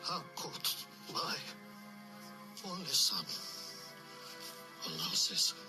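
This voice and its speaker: An actor playing a stern, angry middle-aged Nazi commandant father, booming and scolding in a put-on comic German accent, in a horror-comedy TV clip. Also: big pitch swings, very slow. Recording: film clip with music behind.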